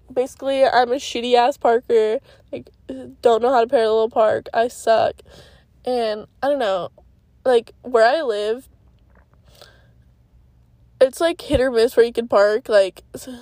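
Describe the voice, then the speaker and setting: A woman in her twenties talking through her week in a casual vlog, full of slang, fillers and cursing. Her voice sits a little high for a woman. The sound is close and dry, with no room in it. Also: a little mellow, dry recording. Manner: slangy, swears freely, lots of "like". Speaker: vlogger. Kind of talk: casual confessional storytime.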